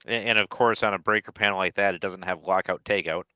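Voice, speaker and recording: A man's voice: low-pitched, fairly even intonation, quick pace, sharp tone, no room sound, muffled recording. A man hosting a podcast in casual chat, blunt and enthusiastic, swearing freely.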